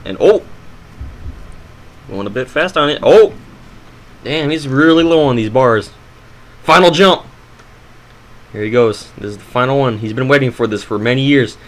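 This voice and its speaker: A man calling an obstacle course run as play-by-play commentary, excitable, with hesitant fillers between calls. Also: mid-range voice, normal speed, pauses often, slight background noise, rough recording. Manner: excitable, builds to loud shouts at big moments. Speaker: sports commentator. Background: background music.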